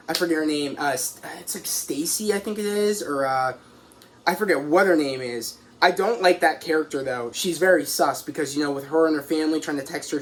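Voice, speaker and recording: A man excitedly recapping a TV episode as a reviewer, rambling and restarting as he goes. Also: a little high, slight background noise. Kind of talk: casual recap.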